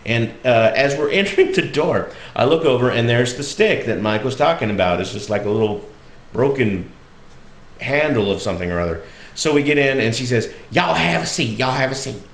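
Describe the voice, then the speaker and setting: Relaxed Southern man telling a story. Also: medium pitch, a little fast. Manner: relaxed and reflective, with frequent fillers. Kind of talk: casual storytelling monologue. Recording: echoey room.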